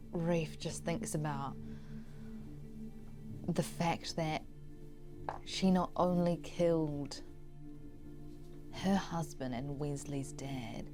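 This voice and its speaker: Low-voiced woman narrating her character. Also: mellow. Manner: rambling, casual, thinking aloud. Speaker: player. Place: studio.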